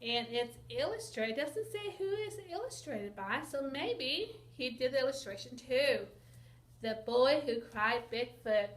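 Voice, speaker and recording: A woman teacher reading a picture book aloud to children, expressive and asking them questions. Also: sits high, a little slow. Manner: expressive, asks listeners questions, sound effects. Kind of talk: children's read-aloud lesson. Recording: echoey room with faint noise.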